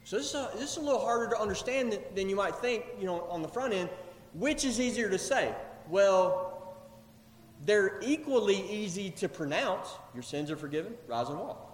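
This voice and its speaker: A male pastor preaching a sermon in a church, animated, acting out quoted voices as he goes. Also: sits high, normal speed, echoey room, big-room sound. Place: church sanctuary.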